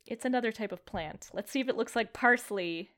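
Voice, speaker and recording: A woman's voice: on the high side, fairly quick, fairly bright tone. Rambling woman game master. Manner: chatty, rambling, many fillers and laughs. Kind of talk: narrating a tabletop game.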